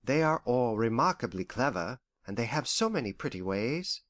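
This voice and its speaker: An actor playing a gentle, anxious elderly father who frets and complains softly in an audiobook. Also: medium pitch, sing-song, normal speed, no room sound. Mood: fretful. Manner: worried, lingering, softly complaining. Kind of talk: audiobook character voice.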